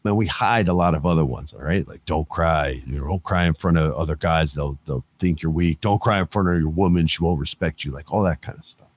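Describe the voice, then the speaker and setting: A middle-aged man hosting a podcast, giving animated casual commentary, laughing often and swearing casually. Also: a bass voice, brisk, no echo. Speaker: podcast host.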